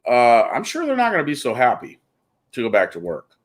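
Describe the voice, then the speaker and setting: A man's voice: mid-range voice, huge pitch swings, a little fast. A man hosting a casual talk show, speaking bluntly and ranting, often calling the listener "dude.". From California. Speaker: podcast host.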